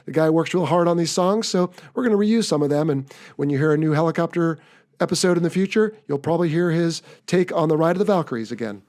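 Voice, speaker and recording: An upbeat American man hosts a casual podcast at a quick pace. His voice is a bit high for a man, and his talk comes across chatty and relaxed.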